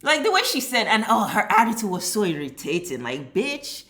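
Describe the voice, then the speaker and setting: A woman's voice: mid-range voice, sing-song, normal speed, few pauses, fairly bright tone. A woman giving a heated, exasperated reaction commentary, cursing freely as she vents. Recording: roomy echo.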